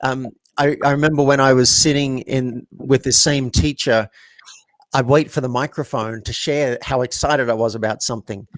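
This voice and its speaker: A man on an interview, reflective and story-driven, slipping into quoted exchanges as he explains his ideas. His voice sits in an ordinary middle pitch. It is recorded close and dry, with no room sound. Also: fairly even intonation, moderate pace, no echo. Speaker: guest, coach. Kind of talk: conversational interview.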